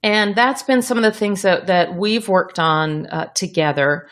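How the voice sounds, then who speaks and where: A woman's voice: mid-range voice, a little slow. A middle-aged woman hosting a podcast, talking in a reflective, casual way with easy laughs. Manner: reflective, laughs easily, talks in restarts. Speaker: podcast host.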